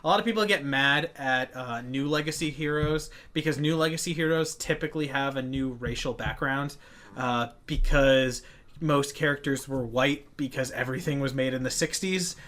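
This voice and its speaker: A man's voice: mid-range voice, moderate pace, fairly bright tone. A man co-hosting a casual nerd podcast, rambling through comic-book talk with lots of fillers. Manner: rambling, filler-heavy, acts out quotes. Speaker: podcast co-host.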